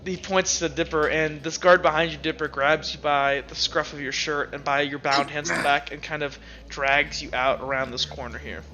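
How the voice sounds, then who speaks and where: A man's voice: on the high side, steady tone, moderate pace, hardly any pauses, sharp tone, dull audio, slight background noise. A man narrating as game master of a tabletop role-play, loose and full of fillers.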